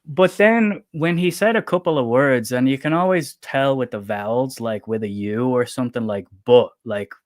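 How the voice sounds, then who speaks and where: A man's voice: mid-range voice, normal speed, hardly any pauses. An Irish man from Dublin co-hosting a book channel's livestream chat, telling anecdotes with frequent laughter and casual swearing. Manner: lively storytelling, laughs often, swears casually.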